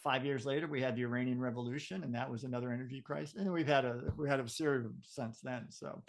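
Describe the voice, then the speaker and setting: A man's voice: mid-range voice, steady tone, quick pace, gravelly. A man co-hosting a podcast in casual chat, explaining things in a talkative way and laughing easily. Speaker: podcast co-host.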